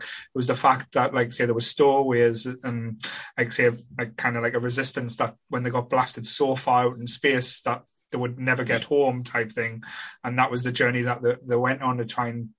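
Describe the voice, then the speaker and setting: Bright-voiced man hosting a casual chat. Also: medium pitch. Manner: hesitant, with many restarts and "like" fillers. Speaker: podcast host.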